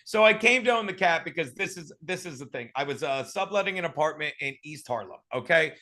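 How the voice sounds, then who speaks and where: A man's voice: a little high, animated, brisk, bright, forceful tone. A man on a video call telling a joking, rambling story with many fillers and restarts. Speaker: guest storyteller. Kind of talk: casual comedic storytelling.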